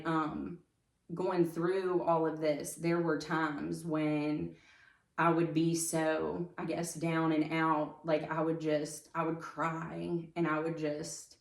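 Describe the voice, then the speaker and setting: A woman telling her personal story as a podcast guest, halting with many fillers and restarts. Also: deep voice, a little mellow, echoey room, far from the mic. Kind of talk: personal testimony in conversation.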